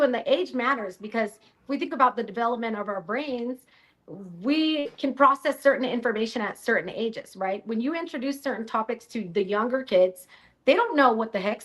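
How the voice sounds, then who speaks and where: Brief: woman panelist, blunt and animated, voice pitched a bit high. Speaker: panel guest. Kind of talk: casual panel discussion.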